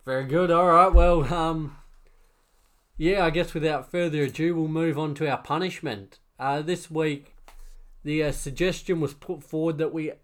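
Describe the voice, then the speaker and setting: A man co-hosting a casual sports podcast, relaxed and full of fillers. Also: a little high, moderate pace. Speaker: podcast co-host.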